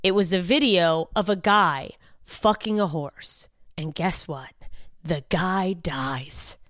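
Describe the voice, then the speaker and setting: A woman's voice: lowish voice, a little slow, fairly bright tone, dry recording, studio quality. A woman hosting a podcast in casual comedic chat, profane and sarcastic, often laughing in disbelief. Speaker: podcast host.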